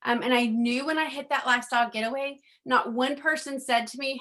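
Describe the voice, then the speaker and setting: This network marketing speaker is a middle-aged woman sharing her personal testimony with a group in a chatty way, with plenty of ums. She acts out the dialogue she quotes and calls the audience "guys." Her high, slightly bright voice moves fairly quickly with fairly even intonation and few pauses.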